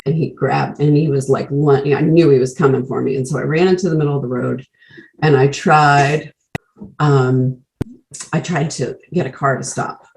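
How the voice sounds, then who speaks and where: A woman's voice: extremely low pitch, steady tone, moderate pace, creaky, a little mellow, rough recording. A woman candidly telling her own recovery story over a video call, blunt and profane, full of "like" fillers. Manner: blunt, swears freely, leans on "like" fillers.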